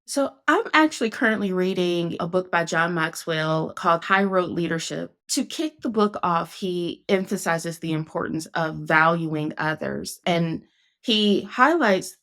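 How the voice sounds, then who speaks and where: A woman's voice: fairly low pitch, unhurried, fairly bright tone. A woman hosting a casual conversation, telling her story in an earnest, reflective way. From Northeast Ohio, USA. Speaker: podcast host.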